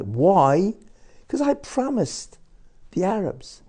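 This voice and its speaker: An older man, a rabbi, giving an impassioned religious lecture full of rhetorical questions, swinging between loud outbursts and hushed asides. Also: high-pitched, huge pitch swings, slow, long pauses, husky.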